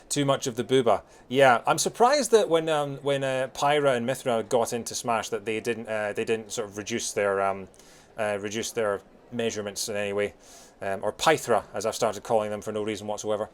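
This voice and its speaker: A man in his thirties with a softened Scottish accent, chatting casually with viewers while streaming a game, rambling with many fillers. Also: on the low side, moderate pace. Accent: Scottish, softened by years in England. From Scotland.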